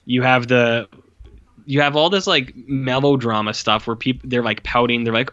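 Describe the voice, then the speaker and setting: A man's voice: mid-range voice, moderate pace, fairly bright tone, no echo, highs cut off. A man co-hosting a podcast, giving a blunt, profane film review and mocking it with quoted voices. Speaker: podcast co-host. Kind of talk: casual film review chat.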